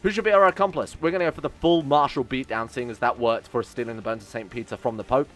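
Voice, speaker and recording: A man's voice: medium pitch, quick pace, faint music behind. A man commentating his own strategy game play, reading event text aloud and reacting with sarcasm and swearing. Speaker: let's-play host.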